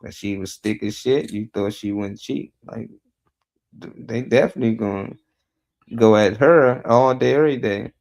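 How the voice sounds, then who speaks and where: A man's voice: medium pitch, moderate pace, vocal fry, darkish tone. A man talking bluntly and casually on a live talk show, laid-back and profane as he tells his views.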